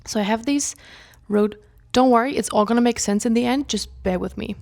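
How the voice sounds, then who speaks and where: A young woman vlogger tells a personal story in a loose, chatty way, with a gravelly fry at the ends of her phrases. She keeps saying "like" and acts out what people said, jumping from excited bursts to near-whispers. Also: fairly high pitch, fairly quick. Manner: chatty, fills speech with "like"; acts out quoted speech, shifting between loud bursts and whispers.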